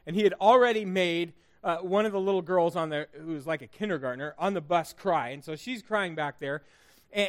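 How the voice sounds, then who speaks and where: A middle-aged male pastor preaching a sermon, telling a personal story in a conversational way with fillers and restarts. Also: high-pitched.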